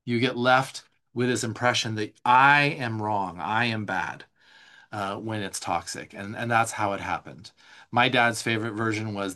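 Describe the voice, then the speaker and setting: A man's voice: on the low side, normal speed, pushed and bright. A man teaching a live online workshop in a loose, conversational way, talking a worksheet through line by line with frequent fillers and restarts.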